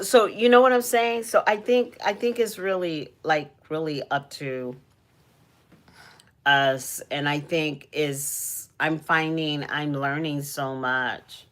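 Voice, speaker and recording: A woman's voice: low-pitched, a bit bright. A young woman hosting a casual livestream, talking about energy and purpose, emotional and rambling with many restarts. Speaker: livestream host.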